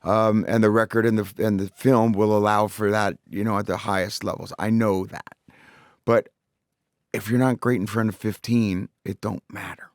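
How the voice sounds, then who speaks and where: Blunt, low-voiced man in his sixties. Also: flat delivery, moderate pace, no echo, clean studio sound. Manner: blunt and casual, swears freely, repeats words while searching. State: recovering voice after vocal surgery. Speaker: interview guest, rock singer. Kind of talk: candid conversational interview. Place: studio.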